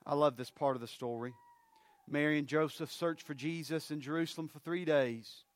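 A man, preaching a sermon. His loud, rising appeals drop to low, hushed phrases. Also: steady tone, moderate pace, dry recording, studio quality.

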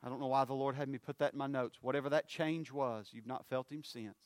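Preacher guy, swings from big rising calls to low hushed bits, dry sound. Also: fairly even intonation, fast, no echo. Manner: swings between loud, rising appeals and low, hushed phrases. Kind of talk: sermon.

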